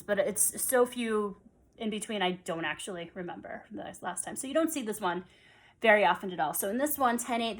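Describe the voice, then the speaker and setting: Woman, music teacher, online lesson, casual explaining, counts beats aloud, mid pitch. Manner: relaxed and conversational, with fillers and restarts.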